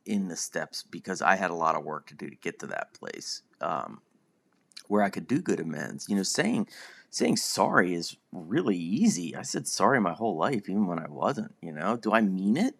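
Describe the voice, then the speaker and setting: A man's voice: deep voice, sing-song, normal speed, gravelly, fairly bright tone. A man talking casually and reflectively about his own experiences, often chuckling at himself. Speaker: podcast host. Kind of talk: casual personal monologue.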